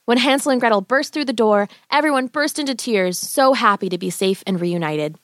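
A woman narrating a fairy tale as a bedtime story, in an expressive, gentle, animated way. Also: fairly high pitch, a little fast, dry recording, studio quality.

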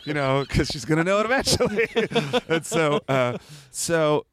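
Animated, swearing man. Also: a little high, measured pace, a crowd in the background. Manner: animated, swears often, laughs while telling stories. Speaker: guest musician. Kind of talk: casual interview chat.

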